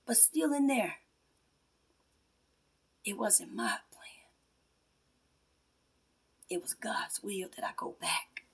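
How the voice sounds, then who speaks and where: A woman giving an emotional personal testimony aimed at her mother, confrontational and swinging between hushed whispers and a raised, accusing voice. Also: mid-range voice, animated, takes it slowly, long pauses, husky. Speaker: self-styled spiritual priestess.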